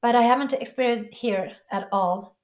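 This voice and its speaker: A woman interview guest telling a personal story in an earnest, emotional way, halting and restarting. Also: a little high, darkish tone.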